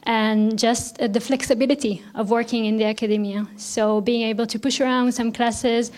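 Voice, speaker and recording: A woman's voice: a little high, steady tone, moderate pace, darkish tone. A woman moderating a round-table talk, speaking in a friendly, informal way. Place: lecture room.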